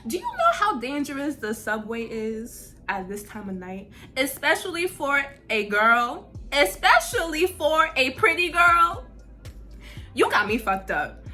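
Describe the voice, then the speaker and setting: A woman's voice: a little high, a little slow, faint music behind. A young woman telling a story in a casual, blunt way, full of "like" and swearing. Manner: animated, heavy use of "like", blunt and profane. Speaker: vlogger.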